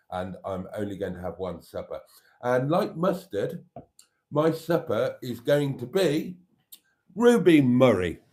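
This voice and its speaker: Relaxed male host for casual live-stream chat. Slow, easygoing pace, rambles happily between viewer comments. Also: medium pitch. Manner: chatty, rambling, reads viewer comments aloud.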